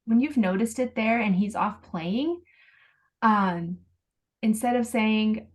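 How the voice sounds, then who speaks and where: A woman's voice: medium pitch, moderate pace, a little mellow. Patient woman coaching over a video call. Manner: patient, explains step by step and acts out sample phrases. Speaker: parenting coach.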